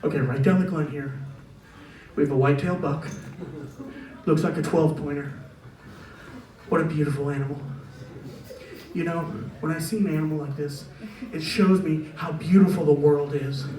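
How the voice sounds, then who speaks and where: A man putting on a slow, hushed, reverent voice as a TV hunter musing on life, recorded in an echoey club. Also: fairly high pitch, fairly even intonation, recorded from a distance, voice pushed down, natural voice. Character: folksy male TV hunter, hushed and philosophical.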